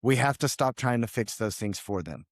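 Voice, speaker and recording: Relaxed middle-aged man, reflective. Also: medium pitch, moderate pace, dry recording, clean studio sound. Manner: relaxed, reflective, laughs easily. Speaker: podcast co-host. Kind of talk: casual chat.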